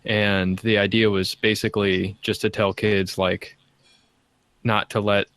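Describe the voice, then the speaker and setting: A man on a casual podcast, explaining a point in a measured, hedging way. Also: on the low side, flat delivery, fairly bright tone, dry recording.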